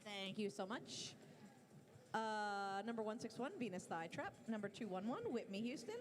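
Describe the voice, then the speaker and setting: A woman's voice: medium pitch, expressive, moderate pace, music in the background. A woman with a New Jersey accent announcing a roller derby, reading out the team roster live.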